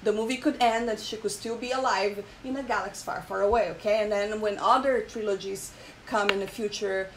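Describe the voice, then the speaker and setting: A woman hosting her own channel, chatting emotionally in casual commentary with many fillers, pausing to read an article aloud. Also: mid-range voice, steady tone, a little hiss or hum, low-quality recording. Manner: emotional, frequent fillers and repeated "okay?". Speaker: channel host.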